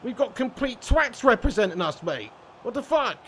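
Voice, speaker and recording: A man's voice: extremely high pitch, sing-song, moderate pace, slight background noise. A young British man streaming a football game live, ranting and swearing at length and laughing often between comments. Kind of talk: casual live-stream rant.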